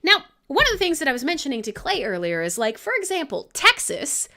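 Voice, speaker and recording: Young woman, Canada, animated delivery, bright tone, irreverent joking, live radio host. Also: high voice, fairly quick, a little hiss or hum. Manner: swearing, laughing, joking.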